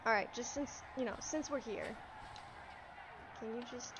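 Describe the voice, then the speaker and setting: A woman giving live commentary over her gameplay, excitable, yelping and talking back to the enemies on screen. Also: a little high, measured pace, background noise. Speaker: let's play streamer.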